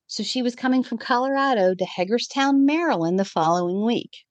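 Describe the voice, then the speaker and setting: Woman telling a lively personal story. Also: mid-range voice, fairly quick, few pauses, dry recording, highs cut off. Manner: animated storyteller who acts out the quoted dialogue. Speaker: guest, evidential medium. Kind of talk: personal storytelling in a podcast conversation.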